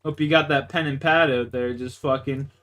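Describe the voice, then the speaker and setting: A man's voice: mid-range voice, steady tone, normal speed, fairly bright tone. A young man from Canada livestreaming a game, telling crude, boastful stories in a rambling way full of "like" fillers. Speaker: gaming livestreamer. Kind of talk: casual storytelling chat.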